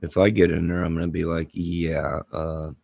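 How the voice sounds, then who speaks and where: A man rambles through a casual livestream chat, joking and answering viewers. His voice is deep, gravelly and husky, and he speaks slowly. The sound is dry and close. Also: flat delivery, darkish tone, dry recording. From Illinois, near Chicago. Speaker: livestream host chatting with viewers.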